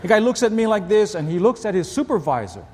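A man delivers a sermon in a relaxed, storytelling way, his voice sitting a little high for a man. He leans on rhetorical questions and doubles up his words as he talks. The recording carries the long reverb of a large church hall. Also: fast, slightly rough. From Hawaii. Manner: conversational, asks rhetorical questions, repeats words. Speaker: pastor.

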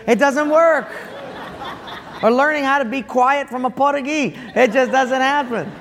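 Male pastor, high voice, joke-telling humorous sermon, in a reverberant sanctuary. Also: measured pace, gravelly, some chatter behind, a little hiss or hum. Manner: joke-telling, chuckling, animated. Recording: long hall reverb.

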